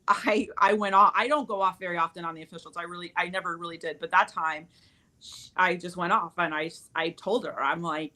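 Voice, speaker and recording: A woman who coaches volleyball, casually telling animated stories and laughing as she goes. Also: on the low side, brisk. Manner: animated storyteller, laughs mid-story. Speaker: volleyball coach and podcast host. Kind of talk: casual chat.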